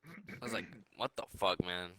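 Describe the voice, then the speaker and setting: A man's voice: low voice, moderate pace, pushed and bright, no room sound. A young man co-hosting a podcast, telling a rambling, swearing story in casual chat. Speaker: podcast co-host.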